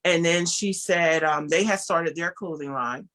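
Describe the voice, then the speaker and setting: A woman's voice: lowish voice, unhurried. A woman guest on an interview show, a clothing designer telling her story and acting out the voices of the people in it. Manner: animated, acts out dialogue in her story; speaks of herself as an introvert.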